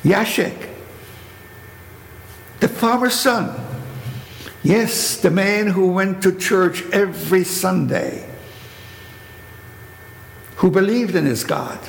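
An older man with a German accent tells his story vividly, now and then acting out the voices of people he quotes. His voice is heavily gravelly and sits a little high. The recording is echoey, with long reverb and faint background noise. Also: slow pace, long pauses. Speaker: Holocaust survivor telling his story. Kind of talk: spoken testimony.

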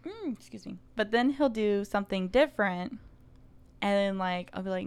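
A young woman with a strongly gravelly, fry-laden voice, chatting on a podcast. She tells stories in a lively way, acting out what people said and leaning heavily on "like". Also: mid-range voice, moderate pace. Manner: animated storyteller, acts out quotes, heavy use of "like". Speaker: podcast co-host. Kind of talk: casual chat.

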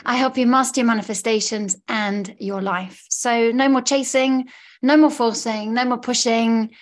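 Woman, podcast host, fairly high voice, bubbly gushing delivery. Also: fairly even intonation, normal speed. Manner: upbeat, gushing, warm encouraging patter. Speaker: podcast host, law of attraction coach. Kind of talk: casual podcast chat. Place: studio.

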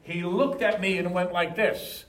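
High-voiced preacher in an echoey hall. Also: male voice, fairly even intonation, measured pace, fairly bright tone, recorded from a distance. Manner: preaching with call-and-response to the congregation. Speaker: pastor. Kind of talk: sermon.

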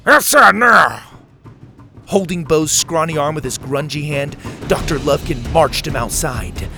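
A man's voice: a little high, normal speed, music in the background. A man narrating a children's story and thanking listeners as host of the show.

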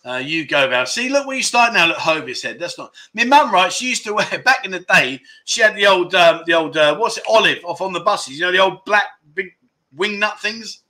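A man hosting a livestream, reading viewer comments aloud and reacting with loud, jokey exclamations. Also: high voice, brisk. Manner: excitable, jokey, exclaiming loudly. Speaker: livestream host.

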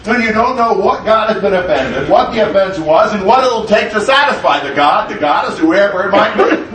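A man's voice: high-pitched, expressive, normal speed, a bit bright. A man leading a Bible class, teaching earnestly and reading an ancient prayer solemnly aloud. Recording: echoey room, mic far off.

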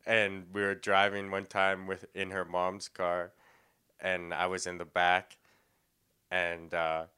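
A man's voice: low voice, completely flat delivery, pushed and bright, clean tone. A man in casual podcast chat, telling easygoing anecdotes and laughing a lot. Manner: slow, laid-back anecdotes, frequent laughter. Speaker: podcast co-host.

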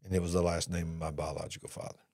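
A middle-aged man giving an earnest personal testimony about his past, retelling it slowly and with feeling. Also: low voice, flat delivery, darkish tone, slightly rough, no echo, clean studio sound. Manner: earnest, drawn-out emotional retelling. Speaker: speaker sharing his life story.

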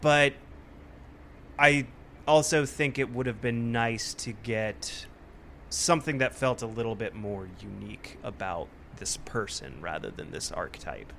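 Slow, bright-voiced man reviewing movies. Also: mid-range voice, expressive, gravelly, a little hiss or hum. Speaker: podcast co-host. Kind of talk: casual movie review chat.

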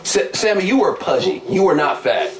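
A man's voice: sits high, moderate pace. A young man telling profane, jokey stories in casual group banter as a podcast host. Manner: animated, profane, jokey storytelling. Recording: distant mic with faint noise.

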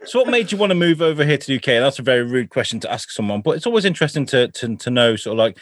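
A man's voice: medium pitch, very animated, racing, dry recording, studio quality. A man co-hosting a podcast, chatting casually in a rambling, joking way and often restarting his sentences. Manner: chatty, rambling, self-interrupting, jokey. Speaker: podcast co-host. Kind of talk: casual chat.

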